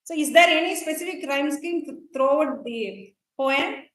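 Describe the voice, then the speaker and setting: Indian woman lecturer, high-pitched, explains and asks questions, roomy classroom sound. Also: normal speed, fairly bright tone. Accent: Indian English. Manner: explains terms and quizzes students, with frequent fillers. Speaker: college English teacher.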